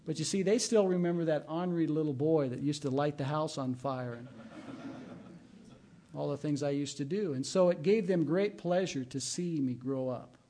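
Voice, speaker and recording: Speaking at normal speed in a dark-toned voice on the high side, a middle-aged pastor delivers a conversational sermon threaded with personal stories.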